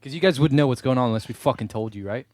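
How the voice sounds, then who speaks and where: A man's voice: mid-range voice, very fast, darkish tone, no echo. A man co-hosting a podcast in casual comedic chat, joking and cursing, laughing often. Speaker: podcast co-host.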